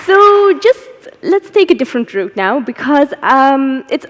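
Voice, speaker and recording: Brief: woman moderator, higher voice, friendly, hall echo. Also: very animated, a little slow, few pauses, crowd noise, background noise. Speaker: interviewer and moderator. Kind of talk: live onstage interview. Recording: reverberant live hall.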